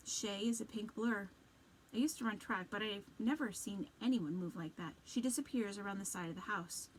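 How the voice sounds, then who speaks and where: A woman's voice: medium pitch, normal speed, a little hiss or hum, poor audio. Woman reading a children's book aloud. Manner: dramatic, expressive narration.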